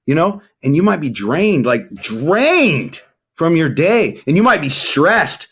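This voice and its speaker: This young man guesting on a podcast coaches fathers in a voice pitched on the high side, fairly bright with a breathy edge. He's very animated yet takes it slowly, speaking emphatically and preachily and acting out scenes in motivational interview style.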